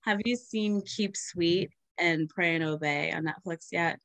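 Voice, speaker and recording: A woman's voice: on the low side, unhurried, vocal fry, a bit bright, dry recording. Young woman, podcast host, casual chat, giggly, dry close mic. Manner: chatty, giggly, lots of fillers.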